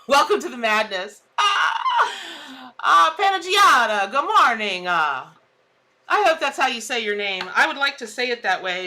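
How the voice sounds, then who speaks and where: A woman, a tarot reader chatting casually on a live stream, exclamatory and quick to laugh at her own jokes. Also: high-pitched, pushed and bright, slight background noise.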